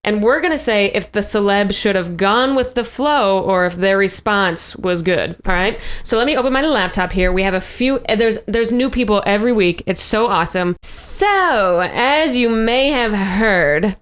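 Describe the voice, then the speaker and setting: A woman hosting a casual podcast. She tells stories bluntly and with a lot of animation. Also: clear, resonant tone. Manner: animated, blunt storytelling, quick pitch jumps when joking. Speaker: podcast host.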